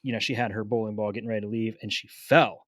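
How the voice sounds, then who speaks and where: A man's voice: on the low side, racing, no room sound, studio quality. A man in his thirties, co-hosting a podcast, telling a casual story and stumbling over his words a little. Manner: relaxed storyteller, repeats words as he talks. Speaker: podcast co-host. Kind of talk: casual chat.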